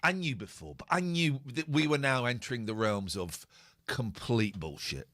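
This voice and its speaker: A man's voice: mid-range voice, lively intonation, normal speed, a bit bright. A man hosting a podcast, telling a story in casual chat and reading messages aloud. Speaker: podcast host.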